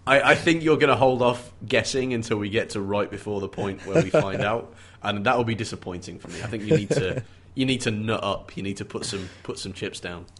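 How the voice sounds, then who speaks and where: A man's voice: on the low side, fairly quick, few pauses. A man co-hosting a casual book podcast, playfully teasing his co-host about guessing the culprit.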